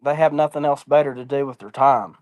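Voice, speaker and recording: A man's voice: medium pitch, steady tone, brisk, a little mellow, dry recording. A man talking as an interview guest in a casual chat, blunt, defiant and full of swearing.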